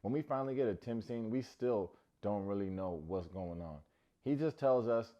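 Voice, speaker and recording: A man's voice: fairly low pitch, moderate pace, muffled recording. A man hosting a comedic TV recap, talking with playful, sarcastic asides. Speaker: recap host.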